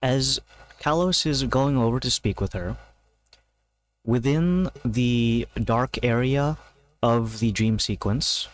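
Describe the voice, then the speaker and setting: A man running a tabletop game as its game master, narrating from his chair at home. His voice sits at a middle pitch, and he fills his pauses with many "uh"s and "um"s as he describes the scene. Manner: loose, hesitant narration with many fillers. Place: home, seated in a gaming chair.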